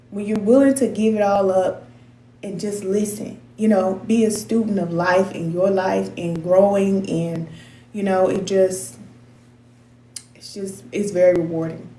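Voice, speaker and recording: A woman's voice: mid-range voice, steady tone, unhurried, dark tone. A middle-aged woman giving spiritual advice to her viewers in a candid, emotional, slangy way. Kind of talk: casual heartfelt talk to viewers. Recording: roomy echoey sound.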